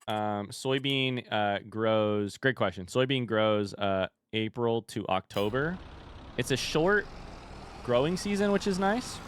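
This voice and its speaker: A man's voice: mid-range voice, expressive, takes it slowly, a little hiss or hum. Easygoing man with an Indiana accent. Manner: thinks aloud, reads chat, chatty and easygoing. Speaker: streamer. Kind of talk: casual live-stream chat while gaming.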